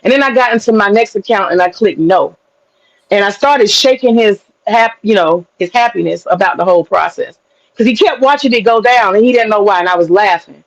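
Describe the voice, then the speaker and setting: A woman's voice: medium pitch, a little fast, no room sound. Brash teasing woman on dull dry audio. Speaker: stream guest. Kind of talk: casual livestream chat.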